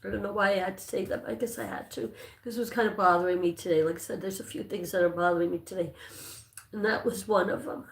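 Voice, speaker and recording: A woman's voice: fairly low pitch, quick pace. A woman hosting a casual livestream, telling a personal story in a rambling way with many fillers and restarts. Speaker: livestream host. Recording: echoey room.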